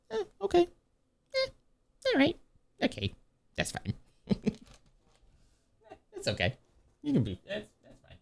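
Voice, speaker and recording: A man with a low voice, recorded dry, streams live in a relaxed way, reacting to videos and reading out chat messages. His talk rambles, and he frequently stops to correct himself.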